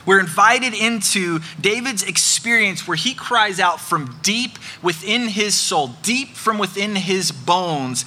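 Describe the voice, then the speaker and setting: A man's voice: high voice, slow, hardly any pauses, pushed and bright. A man preaching a sermon, earnest and emphatic, repeating phrases for effect.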